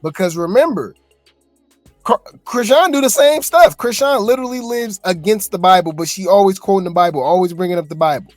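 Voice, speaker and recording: A man's voice: high-pitched, a little fast, dry recording. A man hosting gossip commentary, emphatic and full of rhetorical questions, on a dry close mic with faint music.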